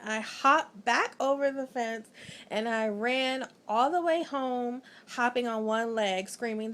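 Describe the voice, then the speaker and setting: A woman's voice: fairly high pitch, a little slow. Chatty woman telling a story. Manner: chatty, animated, frequent "like" fillers. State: tired late at night. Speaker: vlogger. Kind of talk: casual personal storytelling.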